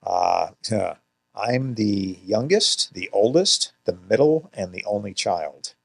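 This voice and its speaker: Deep-voiced man telling stories, laughing. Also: lively intonation, takes it slowly, gravelly. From Georgia, USA. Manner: laughs often while telling anecdotes. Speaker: actor and podcast guest. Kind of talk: casual interview storytelling. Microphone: podcast studio microphone.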